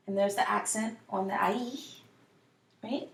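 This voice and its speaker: A woman teaching a Spanish lesson from home, drawing out model phrases slowly so students can repeat them. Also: mid-range voice, fairly even intonation, creaky. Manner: slow, drawn-out model phrases for repetition. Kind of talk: online language lesson. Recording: echoey room.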